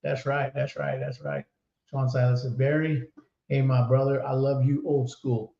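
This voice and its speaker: A man's voice: mid-range voice, moderate pace, creaky, warm tone. Man, podcast host, upbeat, chatty, roomy sound, slightly muffled. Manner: upbeat, reads viewer comments aloud, laughs easily. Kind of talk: casual live-stream chat.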